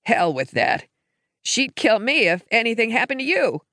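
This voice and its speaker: A woman's voice: a little high, very animated, normal speed, sharp tone, no echo, clean studio sound, voice pushed up. A woman voicing a grieving man in shock, an exhausted brother who speaks in a shaky, subdued way in an audiobook. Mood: shaken. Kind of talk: audiobook character voice.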